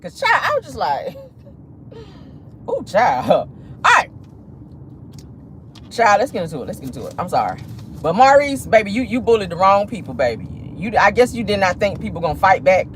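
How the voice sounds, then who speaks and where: A woman's voice: mid-range voice, huge pitch swings, moderate pace, long pauses, slight background noise. A woman hosting a celebrity gossip commentary show, blunt, sassy and profane, calling listeners "child" and "baby".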